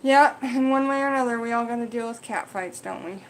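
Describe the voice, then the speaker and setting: A woman's voice: fairly high pitch, a little fast, a little hiss or hum, rough recording. A young adult woman hosting a casual livestream, chatting frankly in a rambling way and swearing now and then. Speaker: livestream host.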